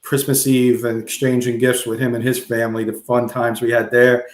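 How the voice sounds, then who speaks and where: A man co-hosting a sports talk show in a casual, rambling way. His voice sits at an ordinary middle pitch, and he stumbles and apologizes, sounding nervous. The room around him is echoey. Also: flat delivery, normal speed. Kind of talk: casual chat, off-key singing of a song parody.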